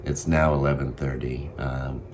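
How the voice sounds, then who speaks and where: A man talking casually to camera in a daily vlog, rambling and thinking aloud with frequent pauses and ums. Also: rumbling low, level tone, a little mellow, slight background noise. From Massachusetts. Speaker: vlogger.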